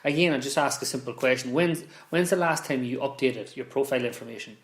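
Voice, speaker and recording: A man talks through a casual explainer at a mid pitch, stumbling over restarts and doubling up words as he thinks aloud. His voice bounces around a roomy space, giving it a hollow echo. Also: fast. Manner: conversational, frequent restarts and repeated words. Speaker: business founder explaining marketing. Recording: roomy echoey room.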